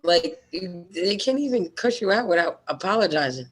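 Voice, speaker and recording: A woman's voice: fairly low pitch, lively intonation, moderate pace, husky. A woman co-hosting a casual chat, teasing the others and laughing often while she tells stories. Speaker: co-host.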